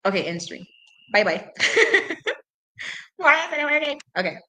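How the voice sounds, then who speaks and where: A woman's voice: high voice, very animated, slow, pushed and bright. Chatty young woman streaming a reading lesson. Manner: chatty, laughs often, says "y'all". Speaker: language-learning streamer. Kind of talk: casual livestream reading lesson.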